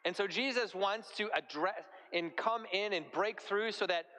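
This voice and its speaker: A male priest giving a homily in a relaxed, conversational way, using everyday comparisons. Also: high voice, normal speed. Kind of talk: sermon. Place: church. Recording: echoey church hall.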